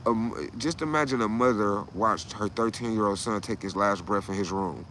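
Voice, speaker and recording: A man's voice: on the low side, normal speed, fairly bright tone, slight background noise. Profane rambling man on a live stream. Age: adult. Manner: rambling, profane, keeps asking "right?". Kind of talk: casual live stream monologue.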